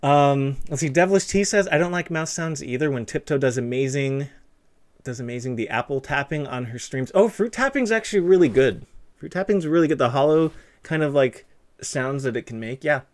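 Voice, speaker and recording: A man hosting a relaxed livestream interview, talking in a loose, chatty way. He laughs easily and breaks off to read out viewer messages. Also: medium pitch, brisk. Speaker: streamer and interviewer. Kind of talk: casual livestream chat.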